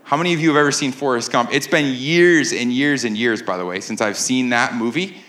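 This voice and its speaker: A man's voice: medium pitch, brisk, a bit bright, echoey room. A man preaching a sermon as pastor to a live congregation, in a conversational way and often asking the room "right?". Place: church sanctuary with a live congregation.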